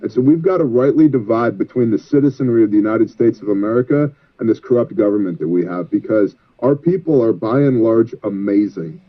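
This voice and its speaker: Earnest preaching man on a phone line. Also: fairly low pitch. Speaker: disaster relief ministry leader. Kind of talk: guest interview over the phone.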